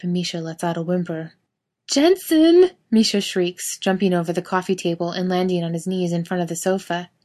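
A woman narrates a story in a steady, expressive read. Her voice sits somewhat low for a woman.

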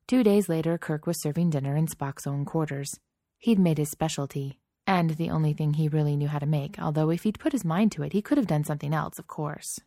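A woman's voice: low voice, fairly quick, mellow, no echo, studio quality. A woman reading a story aloud in a wry, conversational narrating voice. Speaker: reader. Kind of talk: reading fan fiction aloud.

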